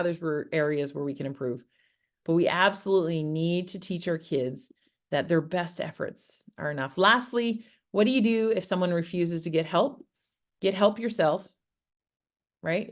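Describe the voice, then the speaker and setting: A woman presenting an interactive workshop, talking in an engaging way, asking the audience questions and acting out example phrases. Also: deep voice. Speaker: workshop presenter on farmer wellbeing. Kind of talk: interactive online workshop talk. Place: Prince Edward Island, Canada.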